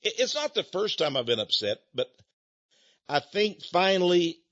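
A man's voice: high-pitched, sing-song, moderate pace, a bit bright, dull audio. An older man from Texas, hosting a radio talk program in a folksy, rambling way that builds to angry emphasis. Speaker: radio host.

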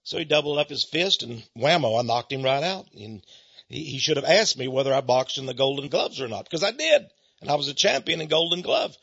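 A husky-voiced man preaches by telling stories, his pitch leaping animatedly as he chuckles along. His tone is bright and forceful. The recording sounds slightly dull and lo-fi. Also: lively intonation, brisk. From Texas, USA. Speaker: Christian speaker. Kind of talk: storytelling sermon.

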